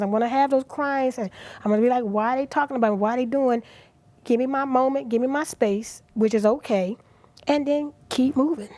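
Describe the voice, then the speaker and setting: A middle-aged woman guest on a talk show, speaking earnestly and with feeling, at times dropping to a soft near-whisper. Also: sits high. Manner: earnest, animated, drops to soft near-whispers at emotional moments. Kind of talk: inspirational talk show interview.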